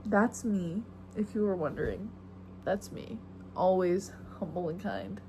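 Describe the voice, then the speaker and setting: A woman's voice: mid-range voice, big pitch swings, unhurried, noisy background. Young woman, solo podcast host, casual rambling chat, self-mocking, phone mic.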